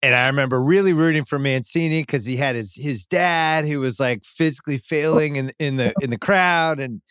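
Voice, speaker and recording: A man's voice: a little high, fairly quick, a bit bright, smooth, no echo, clean studio sound. A man hosting a podcast interview, talking in a chatty way with rambling asides. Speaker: podcast host. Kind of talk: casual interview conversation.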